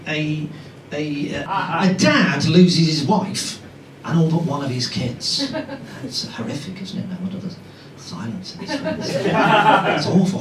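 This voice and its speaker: In a comedy club inside a pub, a fortyish man with a fairly high voice works the crowd during his stand-up set, chatty and animated, with lots of asides to the audience. He's picked up from a distance, and the room sound is spacious, with big bursts of laughter from the crowd.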